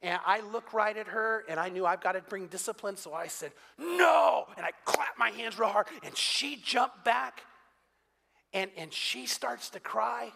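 A man's voice: sits high, moderate pace, creaky, bright, forceful tone. An older man preaching a sermon, with a conversational, storytelling manner and touches of humor. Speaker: pastor. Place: church sanctuary. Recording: long hall reverb.

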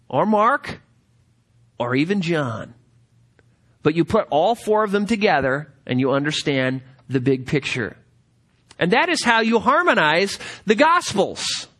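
A man teaching a Bible study lecture, directing listeners to passages and reading scripture aloud slowly with emphasis. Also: sits high, a bit bright.

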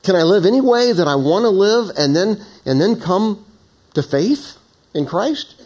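A middle-aged man preaches, moving between stories and scripture. He drops to a hushed, low voice, then climbs high and loud to press a point home. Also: lively intonation, measured pace. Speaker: pastor. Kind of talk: sermon.

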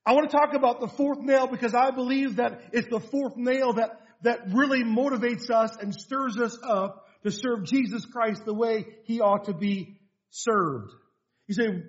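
Male pastor, high-pitched voice, earnest sermon delivery, muffled lo-fi capture. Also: a little slow. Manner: earnest preaching with scripture quotes and stories. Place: church rally hall.

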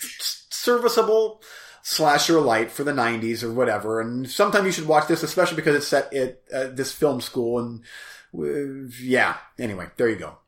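A man's voice: medium pitch, animated, normal speed, a bit bright. A man co-hosting a casual movie review podcast, laid-back, agreeable and wry. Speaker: podcast co-host and film reviewer. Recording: echoey room sound.

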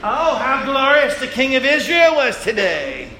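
A sarcastic royal wife sneers in a raised, mocking sing-song, as a preacher puts her on. Her scorn drips from every drawn-out word. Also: extremely high pitch, very animated, sharp tone, slight background noise, voice pushed up, heavily acted.

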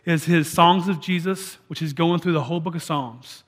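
A man's voice: on the high side, normal speed. A man preaching a sermon as a church pastor, talking in a conversational way with frequent restarts.

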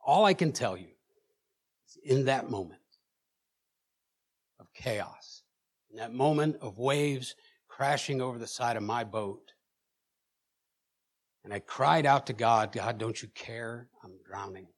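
A man preaching in a church, telling his own story with emotion, at times loud and at times hushed, often repeating words as he presses on. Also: medium pitch, takes it slowly, pauses often. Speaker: preacher sharing a personal testimony. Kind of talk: sermon testimony.

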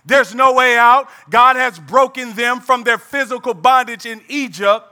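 A male pastor preaching an animated sermon, breaking into bursts of shouting and playful asides. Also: extremely high pitch, a little slow, few pauses.

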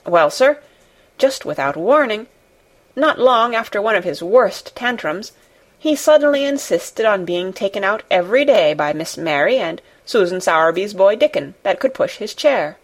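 A woman's voice: medium pitch, expressive, moderate pace, close to an everyday voice. A woman voicing a flustered, talkative older housekeeper who rambles deferentially to her master. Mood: anxious.

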